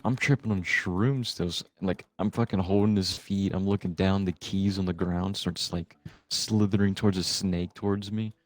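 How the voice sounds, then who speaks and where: There's no room sound around this young man's low voice as he games with a friend. Casual and chatty, he wanders through a lengthy tale laced with curses.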